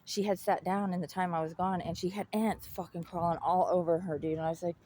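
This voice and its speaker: A woman's voice: lowish voice, little pitch movement, fast, warm tone, a little hiss or hum. A young woman telling a personal story in casual chat, blunt and full of swearing, laughing often.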